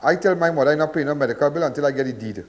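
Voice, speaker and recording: A man's voice: fairly high pitch, racing, long reverb tail. Rambling Trinidadian man hosting call-in show. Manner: rambling, repetitive, preachy. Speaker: call-in crime show host. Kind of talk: live call-in radio talk.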